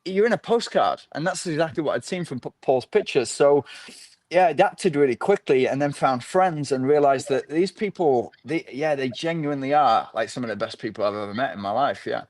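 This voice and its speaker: Speaking fairly quickly in a medium, slightly mellow voice with no room sound, a middle-aged man from northern England guests on a podcast. The ultra runner recounts his story in loose, easygoing interview chat, frequently starting over mid-thought.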